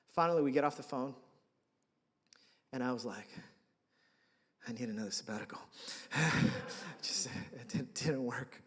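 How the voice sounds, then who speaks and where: A man preaching a sermon, telling a personal story in a lively, conversational way and acting out his own reactions. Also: fairly high pitch. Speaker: pastor. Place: church sanctuary. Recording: reverberant hall.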